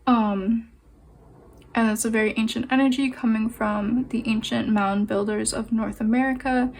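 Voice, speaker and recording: A young adult woman giving a pick-a-card tarot reading, speaking gently and meandering with fillers and pauses. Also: fairly high pitch, steady tone. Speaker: tarot and oracle card reader.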